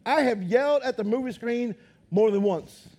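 A man preaching a lively sermon as pastor in a church, talking loud, excited and animated. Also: extremely high pitch, normal speed, noisy background. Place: church auditorium.

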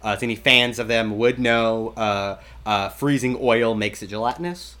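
A man's voice: mid-range voice, normal speed, sharp tone. A man narrating a tabletop game as game master, casual and rambling with many fillers.

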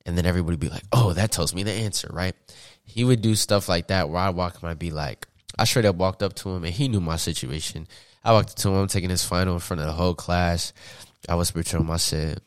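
A young man from Atlanta, a podcast guest, telling stories in a casual, slangy, animated way and laughing often. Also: low-pitched, no echo, clean studio sound. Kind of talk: casual storytelling.

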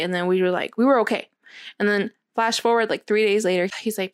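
A young woman casually telling a long personal story, acting out what was said with lively quoting. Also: medium pitch, quick pace, no room sound, clean studio sound. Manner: animated storytelling, acts out quotes. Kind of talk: casual chat.

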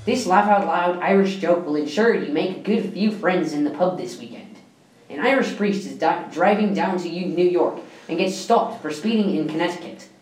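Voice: mid-range voice, normal speed, soft background music. A person reads a countdown of jokes, tripping over words and starting sentences again. The voice sits far back from the microphone in a roomy, echoing space. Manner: stumbles and restarts while reading. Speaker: joke reader.

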